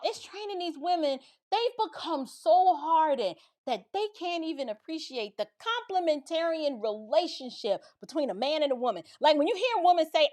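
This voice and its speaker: A woman from the Bronx giving emphatic, preachy Christian commentary on a livestream, firing off rhetorical questions in folksy slang. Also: sits high. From the Bronx, New York.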